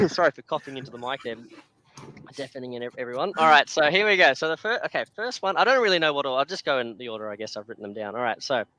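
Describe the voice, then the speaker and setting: A man's voice: medium pitch, very animated, fairly quick, sharp tone, slight background noise. Rambling, laughing Australian man. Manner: rambling, laughs often, many fillers. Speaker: channel host. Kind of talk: casual video call chat.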